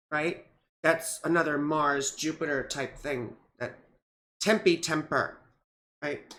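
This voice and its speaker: A woman's voice: low-pitched, fairly bright tone. A middle-aged woman astrologer in a casual vlog. She rambles through asides and keeps checking in with tag questions, recorded on a camera mic.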